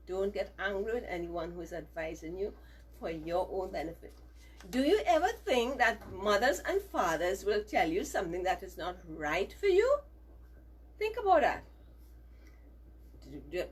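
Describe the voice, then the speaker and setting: A woman's voice: on the low side, breathy edge, rough recording. A middle-aged woman teacher giving a values lesson to children, coaxing them to repeat phrases after her.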